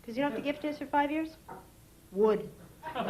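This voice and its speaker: A woman's voice: sits high, normal speed. A woman performing a stand-up comedy routine, bubbly and self-mocking, laughing through her own lines. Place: comedy club stage with a laughing audience. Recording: loud crowd and noise over the voice.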